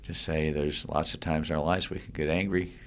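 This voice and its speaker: A man's voice: a bass voice, level tone, brisk, a little hiss or hum. A man hosting a podcast interview, commenting on a guest's story with short affirming replies. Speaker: podcast host.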